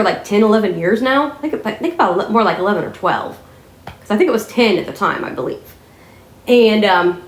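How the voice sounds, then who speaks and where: A woman raised in the American South, chatting and telling stories in a rambling, casual way. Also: on the high side. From Southern United States. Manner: chatty, rambling, often says "freaking". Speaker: vlogger. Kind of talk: casual storytelling chat. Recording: echoey room.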